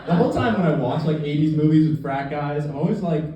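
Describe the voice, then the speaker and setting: A man's voice: fairly high pitch, fast talker, hardly any pauses, mellow, slight background noise. A man doing a live stand-up comedy set, goofy and rambling, with many restarts and self-deprecating asides. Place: comedy club stage with live audience. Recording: echoey club from far off with audience. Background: crowd laughter.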